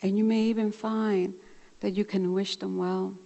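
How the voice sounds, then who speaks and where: A woman's voice: mid-range voice, moderate pace, gravelly, highs cut off. A woman minister giving a sermon, telling a personal story and acting out both sides of a phone conversation. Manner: warm storytelling, animated when retelling a conversation. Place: church sanctuary. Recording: church livestream with long reverb.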